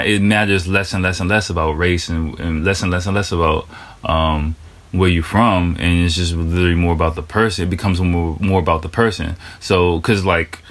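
A man's voice: sits low, a bit bright. A man talking casually on his podcast, loose and profane, full of "like" and "you know". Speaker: podcast host.

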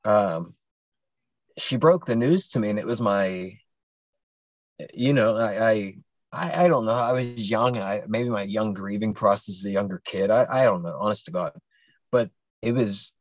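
A man's voice: fairly low pitch, no room sound. A young adult man casually telling a long personal story on a podcast, rambling and profane, with many fillers and restarts.

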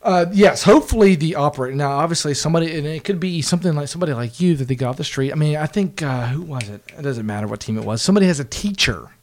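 Dude telling a story, swears a lot, laughs, kinda high voice. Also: male voice, racing, few pauses. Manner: profane, laughing, animated storyteller. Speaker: guest, former team video staffer. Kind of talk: casual storytelling chat.

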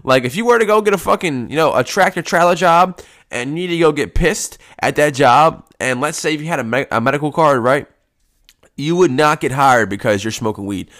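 A man's voice: a little high, lively intonation, brisk, fairly bright tone. A man hosting a casual solo podcast from home, talking in a rambling, profane, laid-back way, a bit congested from post-nasal drip. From United States. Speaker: podcast host.

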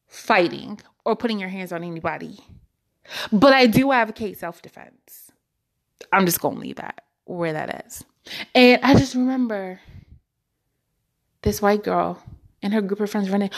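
A woman's voice: medium pitch, unhurried, pauses often. A young woman in her twenties telling a personal story to the camera in a candid, emotional and slangy way. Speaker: vlogger.

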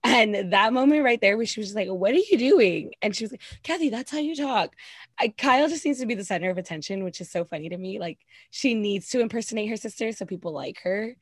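A woman's voice: mid-range voice, fast, few pauses, no echo. A woman co-hosting a casual podcast, giving sassy, candid and profane opinions on a reality show. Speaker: podcast co-host recapping reality TV. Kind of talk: casual chat.

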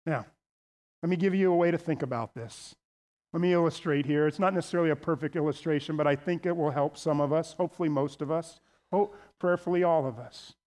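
Pastor guy with a pretty high voice, preaching hard, gets the crowd to say stuff back. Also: fast, darkish tone. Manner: emphatic preaching, leads the congregation in call-and-response. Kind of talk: sermon.

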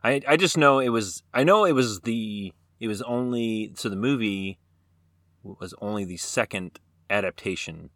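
A man's voice: fairly low pitch, lively intonation, unhurried, fairly bright tone, dry recording. A man co-hosting a podcast, chatting casually about films, laughing easily and restarting his sentences. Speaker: podcast co-host. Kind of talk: casual film discussion.

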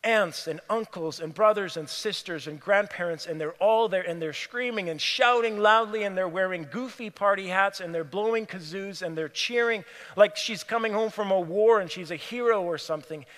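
Earnest preacher in a reverberant hall. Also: male voice, sits high, moderate pace, few pauses. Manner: earnest storytelling, often dropping to a hushed near-whisper. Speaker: pastor. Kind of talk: sermon.

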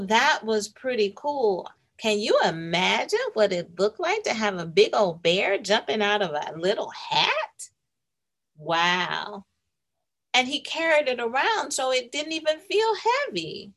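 A woman hosting a read-aloud for children, reading a picture book and asking the young listeners questions. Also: mid-range voice. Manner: slow, warm, questioning the listeners.

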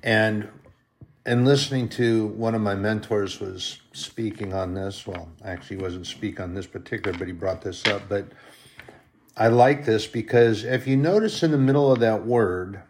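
A man preaching a sermon, impassioned and emotional, swelling loud on scripture verses and then dropping to a soft, hushed tone. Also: on the low side, moderate pace. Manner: emotional, moved while reading.

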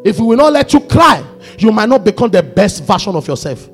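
A man preaching a sermon as pastor, swinging between shouted climaxes and hushed low passages. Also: very animated, a little fast, faint music behind.

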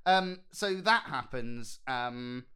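A man co-hosting a casual film discussion, animated and jokey, acting out lines from the movie. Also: mid-range voice, takes it slowly, clear, resonant tone. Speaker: podcast co-host.

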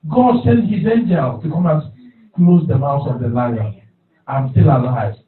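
A man's voice: a little high, big pitch swings, unhurried. A man preaching a sermon, repeating his phrases and calling for responses from the congregation. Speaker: pastor. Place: church hall. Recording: echoey hall, distant, phone-like.

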